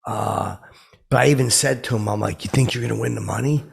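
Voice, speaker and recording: A man playing a gravelly, rambling oddball storyteller. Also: on the low side, brisk, exaggerated voice. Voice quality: gravelly, husky voice. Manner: meandering, awkward storytelling with nervous asides. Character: rambling, starstruck oddball man telling celebrity stories. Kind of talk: comedic character podcast monologue.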